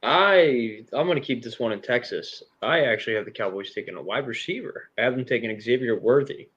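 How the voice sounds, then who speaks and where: A man's voice: medium pitch, lively intonation, brisk, fairly bright tone, slightly rough. A laid-back man on a casual sports podcast, heard through a dull lo-fi mic. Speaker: podcast co-host.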